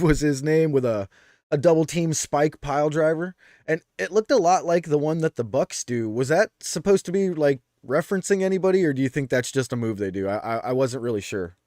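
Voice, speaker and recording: A man's voice: mid-range voice, darkish tone, no echo, studio quality. A man co-hosting a podcast in casual chat, talking loosely with frequent fillers and restarts. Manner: chatty, with many "um"s and restarts. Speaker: podcast co-host.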